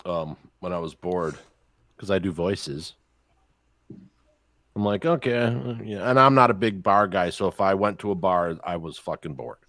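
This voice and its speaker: Low-voiced joking man, dry close sound. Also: moderate pace, long pauses, fairly bright tone, dry recording. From Chicago area. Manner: profane, jokey storyteller who slips into voices. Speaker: podcast host. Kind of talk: casual chat.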